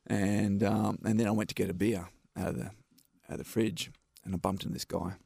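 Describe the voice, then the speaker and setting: A man's voice: on the low side, level tone, a little fast, creaky, warm tone, breathy edge, no echo. A man with an Australian accent, a stuntman guest telling rambling anecdotes in a casual interview. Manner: laid-back, rambling anecdotes with many fillers.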